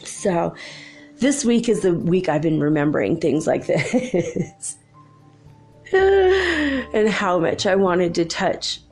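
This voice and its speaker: A woman's voice: lowish voice, slow pace, faint music behind. A woman hosting her own spiritual channel, chatting casually and telling a childhood story with frequent laughter. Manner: chatty, laughs often, lively retelling.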